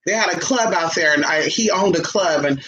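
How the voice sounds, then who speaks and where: This woman vlogger speaks briskly in a lowish voice, on a low-quality recording with slight background noise. She tells stories in a relaxed monologue, sassy and brash, dropping "honey" at her listeners and animatedly mimicking other people.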